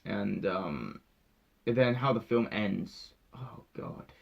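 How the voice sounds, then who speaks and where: A young man, giving an emotional, halting spoiler review of a film that often repeats itself. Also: on the low side, big pitch swings, vocal fry. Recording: dull lo-fi sound.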